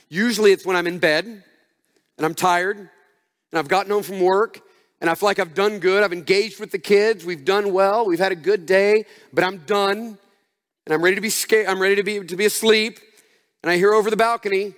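A middle-aged male pastor preaching a conversational, animated sermon with acted asides. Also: high voice, normal speed. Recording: long hall reverb.

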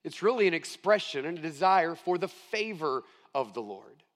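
A middle-aged male pastor preaching a sermon, earnest and emphatic, stressing key phrases slowly. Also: a little high, very animated, fairly bright tone, in a large hall.

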